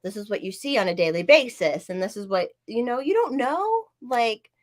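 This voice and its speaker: Woman podcast host, higher voice, casual, profane and emphatic, rambling delivery. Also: big pitch swings, moderate pace. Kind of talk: casual chat.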